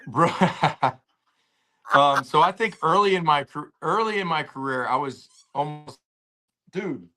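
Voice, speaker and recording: A man, a former pro football player, telling stories in a casual podcast interview, animated and loose with slangy talk, at home. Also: medium pitch. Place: at home with a dog nearby.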